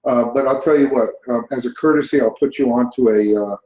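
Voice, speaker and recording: A sales trainer acting out a male salesperson who hesitantly, politely turns down a prospect, with halting speech and lots of fillers. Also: mid-range voice, a little mellow, echoey room, muffled recording, pitched below the performer's own voice, close to an everyday voice. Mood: polite brush-off.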